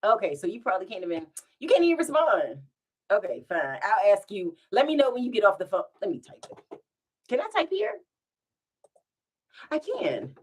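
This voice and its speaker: A woman telling funny everyday stories to her viewers in a relaxed, chatty way. Her voice rises and falls with a lot of movement. She keeps giggling and breaking into laughter between lines. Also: mid-range voice, a little fast, husky. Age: adult with children. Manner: giggly, animated, bursts into laughter. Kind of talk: casual storytime.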